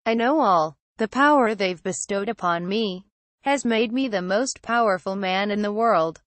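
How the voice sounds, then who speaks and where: A woman's voice: medium pitch, measured pace, dry recording, lightly acted. A woman reading the lines of a smug, deranged male villain who gloats and taunts his captives. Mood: gloating.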